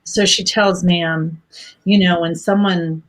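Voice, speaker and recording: A woman giving a psychic reading on a live stream, speaking slowly and carefully with clear emotion. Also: on the low side, fairly even intonation, low-quality recording. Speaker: psychic reader.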